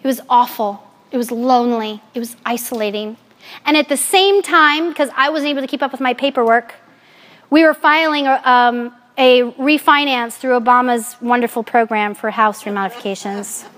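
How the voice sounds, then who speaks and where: A woman in her forties gives a personal faith talk to a gathered audience. Her voice sits high, and she speaks candidly and with animation, mixing in jokes. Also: normal speed, fairly bright tone. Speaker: Catholic speaker.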